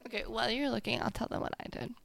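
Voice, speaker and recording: She is a young woman co-hosting a casual podcast, with a bright, sharp tone and a gravelly fry in her voice. Her voice is close and dry, and she teases her co-host and keeps throwing in quick questions. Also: a little high, steady tone, dry recording. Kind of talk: casual chat.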